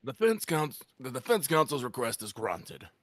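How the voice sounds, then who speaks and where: A man voicing a pompous British judge in a video game, making loud formal pronouncements. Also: medium pitch, sing-song, moderate pace, no echo.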